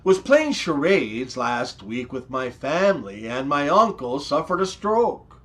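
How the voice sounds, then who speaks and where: A man telling jokes with a high, bouncing voice that swings up and down a lot. He takes his time, pausing before each punchline, in a slow, unhurried delivery. It sounds like a scripted comedy channel host. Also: very animated, fairly bright tone.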